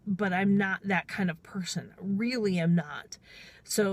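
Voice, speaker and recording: Chatty woman taxi driver, slightly low voice. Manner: chatty and rambling, quoting herself with "I'm all". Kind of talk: casual storytelling vlog.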